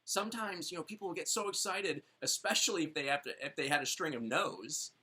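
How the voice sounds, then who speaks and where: A man's voice: fairly high pitch, brisk, slightly rough. A man teaching a sales training session, acting out sample customer dialogue and checking in with "right?" constantly. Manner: animated, acts out sample dialogue with lots of "right?". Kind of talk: training talk on sales objections.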